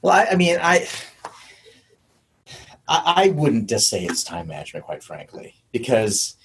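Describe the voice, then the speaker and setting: A man hosting a conversational interview from a dojo, asking probing questions and reflecting with halting restarts. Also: medium pitch, big pitch swings, a bit bright, husky.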